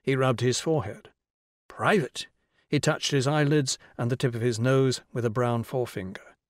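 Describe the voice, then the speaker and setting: Measured man narrating a novel. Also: medium pitch, steady tone, no echo, studio quality. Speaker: audiobook narrator.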